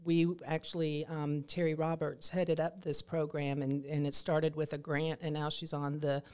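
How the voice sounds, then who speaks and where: A woman guest in an interview, an educational coordinator explaining care programs in a clear, informative way. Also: deep voice, little pitch movement, normal speed, a little mellow.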